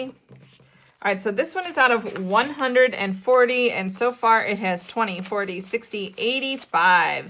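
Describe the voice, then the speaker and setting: Woman, budgeting vlog host, excitable, counts money aloud, casual chat. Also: medium pitch. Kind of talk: casual cash-stuffing vlog.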